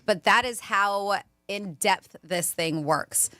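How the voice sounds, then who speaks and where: A woman's voice: mid-range voice, takes it slowly, a bit bright, no room sound. A woman co-hosting a radio show in a studio, chatting and reading out news items and listener texts. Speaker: radio co-host. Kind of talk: casual talk radio banter. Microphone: studio microphone.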